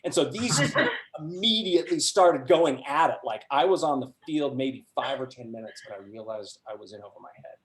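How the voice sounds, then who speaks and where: A middle-aged man presenting a workshop, telling a personal anecdote to a group with animated delivery and frequent laughs. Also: medium pitch, a little fast, slight background noise. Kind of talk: storytelling talk to a group. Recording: roomy echo.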